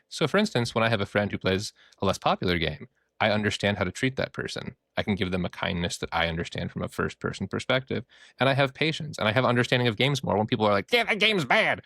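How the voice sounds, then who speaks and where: A man who works as a therapist, hosting a casual podcast and talking in an animated, joking way. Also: fairly low pitch, fast talker, vocal fry, dry recording, studio quality. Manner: animated, joking, acts out quoted voices.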